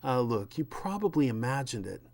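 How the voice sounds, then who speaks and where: A man's voice: medium pitch, normal speed, pitched above the performer's own voice, lightly acted. A man voicing a flustered young husband in a comic book reading, speaking hesitantly. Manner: hesitant, fumbling.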